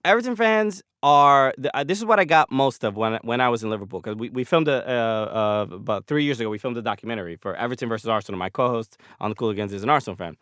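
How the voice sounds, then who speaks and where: American guy on a podcast, rambly, keeps restarting, smooth clean voice. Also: medium pitch, lively intonation, fast talker, hardly any pauses, fairly bright tone, no room sound, clean studio sound. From United States. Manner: rambling, many restarts and fillers. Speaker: podcast guest, comedian. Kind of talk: casual podcast chat.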